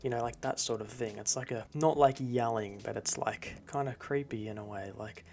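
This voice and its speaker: A man's voice: medium pitch, normal speed, darkish tone, a little hiss or hum. A young man giving a rambling, earnest update on his fan film, talking straight to his viewers with lots of fillers. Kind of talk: casual direct-to-camera update.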